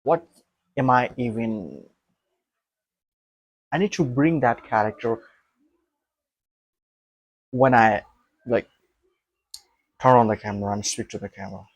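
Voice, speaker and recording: A man's voice: medium pitch, slow pace, pauses often, no echo, muffled recording. Emphatic young man thinking aloud. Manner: emphatic, rambling, swears, repeats himself. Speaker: vlogger.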